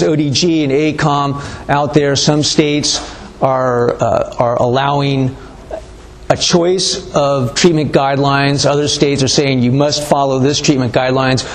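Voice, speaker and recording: A man giving a conference presentation, brisk and matter-of-fact, with frequent ums and uhs. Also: on the high side, slight background noise. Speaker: conference speaker.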